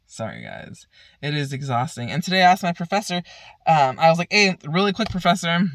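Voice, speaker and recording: A woman's voice: low voice, dry recording. Exasperated cursing woman ranting. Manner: exasperated, heavy profanity, repetitive emphasis. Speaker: vlogger and law student. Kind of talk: ranting vlog. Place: outdoors, by a path.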